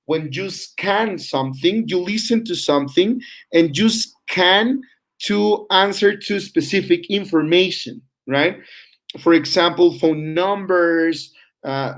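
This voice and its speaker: Slow, halting man teaching a class. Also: a little high. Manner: slow, halting, many fillers and restarts, checks understanding with "right?". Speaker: teacher trainer. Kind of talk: online class lecture.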